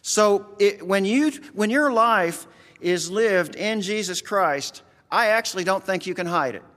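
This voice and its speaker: A man's voice: high-pitched, animated, a little slow, a bit bright, long reverb tail. A man with a rural American accent preaching a conversational sermon, earnest and folksy, talking straight to his congregation.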